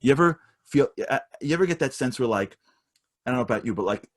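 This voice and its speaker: Guy talking fast, stumbles n restarts, gets louder telling stories, real dry sound. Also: mid-range voice, animated, no echo. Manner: fast, many restarts, voice rises when storytelling. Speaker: motivational speaker. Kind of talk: animated storytelling talk.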